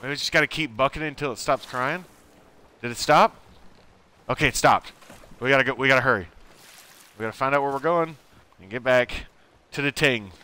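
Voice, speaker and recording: A man's voice: medium pitch, brisk, bright, forceful tone, clear, resonant tone. A man streaming live gameplay, talking to himself with frantic exclamations and swearing.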